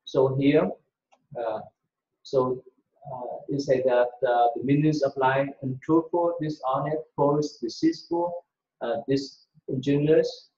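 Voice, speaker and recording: Slow, hesitant man in an echoey room. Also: mid-range voice, animated, dark tone. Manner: hesitant, many filled pauses. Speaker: Buddhist teacher. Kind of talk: lesson. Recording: dull sound in an echoey room.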